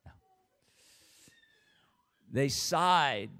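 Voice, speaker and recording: A man, the pastor, giving church announcements and then preaching a sermon, leading call-and-response and reading scripture aloud slowly. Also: mid-range voice, animated, sharp tone. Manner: reads scripture aloud in a slow, drawn-out voice.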